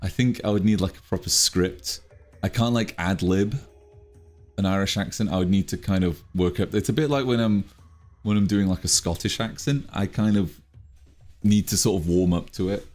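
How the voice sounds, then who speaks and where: Deep mellow guy rambling on his art stream, self-deprecating, chatty. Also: moderate pace, faint music behind. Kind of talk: casual chat while drawing on stream.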